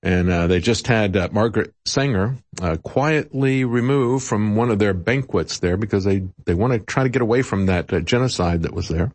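A man hosts opinionated, radio-style political commentary, sounding sarcastic and mocking, chuckling and using many "uh" fillers. His voice is on the low side and a little mellow, at a moderate pace with few pauses.

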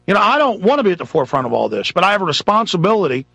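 Fiery, bright-voiced male radio ranter. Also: sits high, sing-song, rapid-fire, vocal fry, dry recording. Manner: ranting, rambling, dramatic. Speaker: radio talk show host. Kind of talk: impassioned talk radio monologue.

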